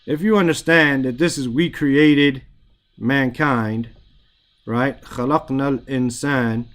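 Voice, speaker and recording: Speaking fairly quickly with a mid-range voice and fairly even intonation, a man leads an online Arabic grammar class. He explains things in casual English, recites Arabic phrases, and keeps asking "right?" to check in.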